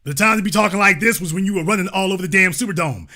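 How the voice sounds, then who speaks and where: A man's voice: sits high, very fast, bright, forceful tone. A man hosting his own political commentary show, talking in an emphatic, mocking way and repeating his lines for effect. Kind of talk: animated political commentary monologue.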